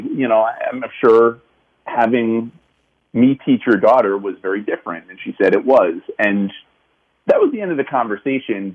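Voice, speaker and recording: A man's voice: medium pitch, narrow, tinny audio. A man, a city councilman, earnestly recounting a memory from his teaching days in a reflective conversational way. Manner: reflective, earnest, many restarts. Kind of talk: personal storytelling in conversation.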